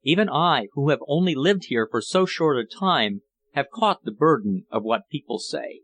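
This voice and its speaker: A man's voice: a little high, animated, normal speed, fairly bright tone. A man voicing a passionate, scornful foreign suitor who speaks fervently and declaims his love. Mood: tender.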